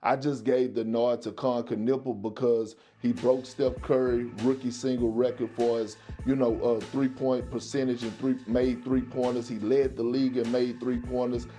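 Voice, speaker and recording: A man with a mellow, dark voice gives his opinion as a sports analyst. He speaks in a folksy way and reaches for everyday comparisons. He stumbles and restarts now and then, with faint music behind him. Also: mid-range voice, little pitch movement, normal speed, few pauses. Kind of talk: sports debate commentary.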